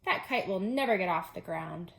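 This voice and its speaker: A flock of mean little robins jeers at a failed kite in slow, drawn-out taunts, as a woman reads them aloud. They are read straight from a children's storybook. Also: lowish voice, expressive, gravelly, a bit bright. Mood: mocking.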